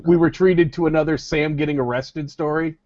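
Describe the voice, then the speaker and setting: A man hosting a casual podcast spins a rambling story and slips into his friends' voices along the way. His voice sits a bit higher than most men's. The recording is dry and dull, with a lo-fi edge. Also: fairly even intonation, fairly quick, darkish tone, dry recording. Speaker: podcast host.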